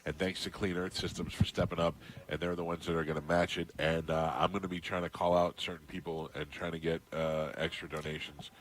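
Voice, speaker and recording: A man's voice: sits low, little pitch movement, brisk, a bit bright, slight background noise. A man hosting a radio talk show, chatting loosely in a rambling way and often restarting his sentences. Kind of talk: casual radio talk during a charity radiothon.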